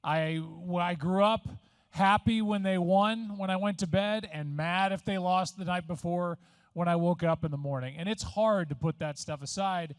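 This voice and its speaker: A man's voice: sits high, normal speed, clear, resonant tone, dry recording. Self-mocking man at a podium, dry sound. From Missouri. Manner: self-deprecating, conversational storytelling. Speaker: award honoree giving a speech. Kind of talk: after-dinner acceptance speech. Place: resort event room. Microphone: podium microphone.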